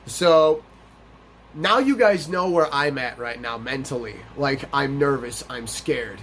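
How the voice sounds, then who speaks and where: A man's voice: sits high, a little slow, fairly bright tone, a little hiss or hum. A man hosting a gaming channel, telling a rambling, profane, self-deprecating story over a game playthrough.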